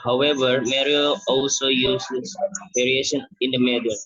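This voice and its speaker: A young man giving a class presentation on a poem, reading haltingly and restarting words. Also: mid-range voice, little pitch movement, fairly bright tone. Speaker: student presenter. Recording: dull lo-fi recording.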